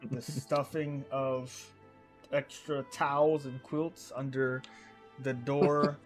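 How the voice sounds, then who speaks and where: Slow-paced man narrating a tabletop game. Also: medium pitch, little pitch movement, faint music behind. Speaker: game master.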